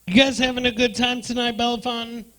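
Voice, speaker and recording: A man's voice: very high voice, little pitch movement, fast talker, a bit bright, poor audio. A man doing crude, brash stand-up comedy and crowd work as the emcee on a comedy club stage.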